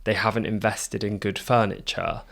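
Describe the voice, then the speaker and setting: A male co-host of a design podcast chats casually in a lowish, fairly even voice at normal speed, with vocal fry and a slightly bright tone. His talk is loaded with fillers, especially "like".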